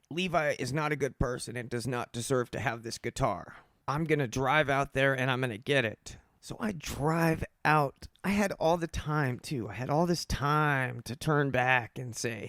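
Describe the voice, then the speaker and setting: A man's voice: mid-range voice, a bit bright, dry recording. A man candidly telling his own addiction story in a casual, emphatic, profane way.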